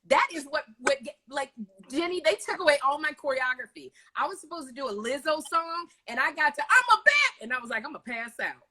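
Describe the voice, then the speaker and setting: A woman hosting a casual live video chat, telling lively stories over a video call. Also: high-pitched, a little fast. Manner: animated storytelling, lively retellings. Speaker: host.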